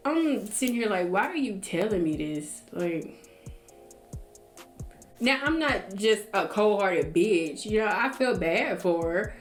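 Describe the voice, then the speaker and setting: A woman's voice: mid-range voice, takes it slowly, roomy sound, faint music behind. Blunt, cussing young woman telling a story. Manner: blunt, profane, animated quoting of others. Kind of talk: casual storytime monologue.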